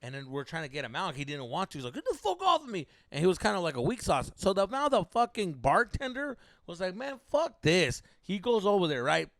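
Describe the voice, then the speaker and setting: A young man hosting a podcast, telling stories in a profane, animated way, acting out voices and mixing in Spanish slang. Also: on the high side, fast, hardly any pauses, no echo, clean studio sound. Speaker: podcast co-host. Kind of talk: casual storytelling chat.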